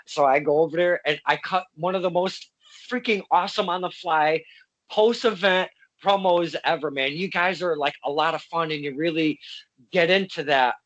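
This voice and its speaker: A man with a high, bright, forceful voice hosts a casual interview over a video call. He talks excitably and stumbles, repeating his first words before he gets going. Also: moderate pace, muffled recording. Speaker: interviewer, podcast host.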